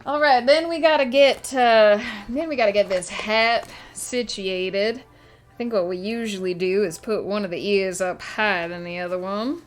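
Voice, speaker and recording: A woman's voice: medium pitch, normal speed, soft background music. A woman streamer chatting casually on a live stream, talking along while she fiddles with props. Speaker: streamer and writer.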